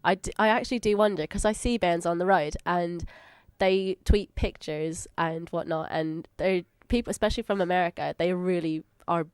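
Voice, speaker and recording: A woman's voice: lowish voice, moderate pace, hardly any pauses, clean tone, no room sound. A woman interviewing a guest for radio, friendly and a little hesitant. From England. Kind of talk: casual interview chat.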